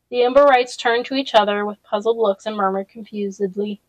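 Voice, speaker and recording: A woman reads a novel aloud at a middle pitch and drops in casual personal asides. The recording is close and dry, with no room sound. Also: fairly even intonation, brisk, hardly any pauses, no echo, rough recording. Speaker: audiobook reader.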